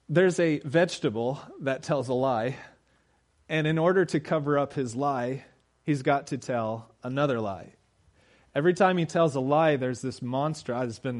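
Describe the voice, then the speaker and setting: A man in his thirties preaches in a loose, chatty way, with a voice set somewhat high. He slips into little quoted voices for the people he describes. His delivery rises to strong, emphatic peaks as he presses his points. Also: darkish tone. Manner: conversational, builds to emphatic peaks; acts out quoted voices of characters. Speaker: pastor. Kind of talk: sermon.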